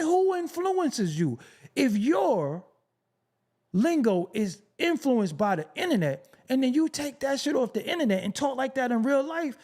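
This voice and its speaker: Brooklyn host, male, New York accent; loose unscripted rant, slow and lively, swears freely. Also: very high-pitched. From Brooklyn, New York City. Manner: profane, animated, mocking, rhetorical questions. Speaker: show host. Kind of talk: unscripted rant to a live stream audience.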